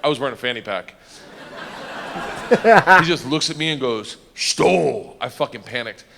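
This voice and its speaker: Bright rowdy man telling a stand-up story. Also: mid-range voice, moderate pace. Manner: animated, rowdy, breaks into laughter and shouts. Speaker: stand-up comedian. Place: comedy venue before a live audience. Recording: long hall reverb with faint noise.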